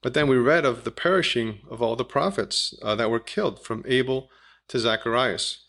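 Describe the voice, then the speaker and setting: Gravelly-voiced man teaching Bible study. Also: medium pitch, moderate pace, a bit bright. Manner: methodical, reads scripture aloud in King James wording.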